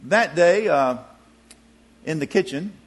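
A preacher tells a story in a folksy, expressive way. His fairly high voice swoops up and down as he speaks. He takes his time and lets the lines linger. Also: slow pace. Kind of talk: sermon storytelling.

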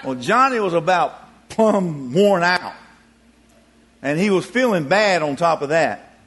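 A preacher tells a story in a folksy, expressive way. His fairly high voice swoops up and down as he speaks. He takes his time and lets the lines linger. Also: takes it slowly. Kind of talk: sermon storytelling.

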